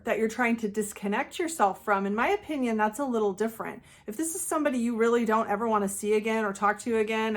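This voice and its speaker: A woman calmly and earnestly giving advice in a monologue, now and then acting out quoted pleas in a raised voice. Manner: calm, earnest, acts out quoted pleas in higher voice. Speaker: channel host giving advice.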